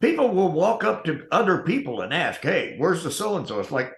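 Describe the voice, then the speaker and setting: A man's voice: a little high, sing-song, moderate pace. A man chats on a livestream, telling dry stories and acting out quoted remarks. His voice sounds roomy, as if recorded in an echoey space. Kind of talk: casual livestream chat.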